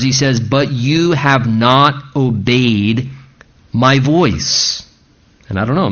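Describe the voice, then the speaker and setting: A man's voice: mid-range voice, muffled recording. A man preaching a sermon in an earnest manner, asking rising, emphatic questions. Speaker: pastor.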